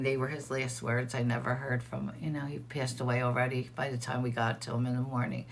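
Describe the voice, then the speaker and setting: A woman's voice: a bass voice, little pitch movement, a little fast, few pauses, slight background noise. A middle-aged woman hosting a casual livestream, telling stories in quoted dialogue and answering viewers in the chat by name. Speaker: host of a livestream show. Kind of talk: casual live-stream chat.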